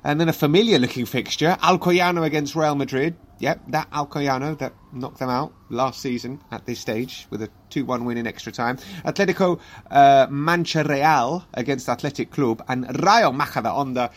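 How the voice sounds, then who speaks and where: Chatty male football podcast host. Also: mid-range voice. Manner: chatty, lively, runs through results in quick rundowns. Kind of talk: casual football podcast chat.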